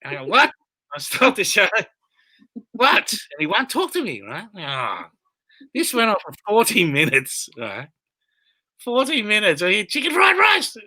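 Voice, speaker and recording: A man telling stories as a comedian guest on a video call, rambling and animated, shouting out quoted lines. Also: high-pitched, normal speed, dry recording. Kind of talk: casual interview storytelling.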